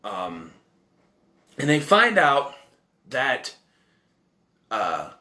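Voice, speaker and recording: A man's voice: medium pitch, huge pitch swings, drawn-out words, bright, forceful tone. A man giving a casual spoken movie review, recapping the plot in a rambling way, correcting himself and tossing in wry asides. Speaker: film reviewer.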